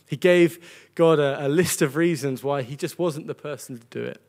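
A man's voice: on the high side, moderate pace, a little mellow. A man preaching a sermon to a congregation, earnest and conversational, often repeating words as he goes. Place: church gathering with a congregation.

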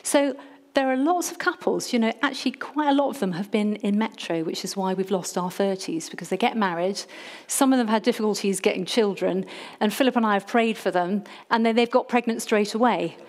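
A middle-aged woman preaching to her congregation with lively, humorous energy. She has an everyday mid-pitched voice and brings the room in by getting them to repeat words back to her. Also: brisk. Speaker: church leader. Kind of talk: sermon.

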